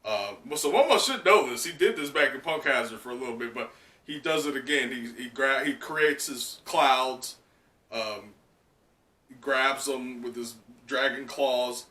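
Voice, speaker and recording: A man's voice: mid-range voice, measured pace, pushed and bright. Casual man reacting, in an echoey room. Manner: casual, laughing, many fillers. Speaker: host. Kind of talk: live comic reaction. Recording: echoey room, distant mic.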